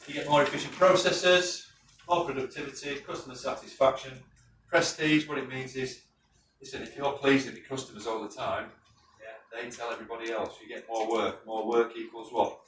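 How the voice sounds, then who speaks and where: A man from the North of England teaches a safety course in a training classroom, mixing lecture with anecdotes. His medium-pitched, fairly even voice is a bit bright, and he's chatty, quizzing the class with quick questions and checking in with "right?". The recording is roomy, from a distant mic with faint noise.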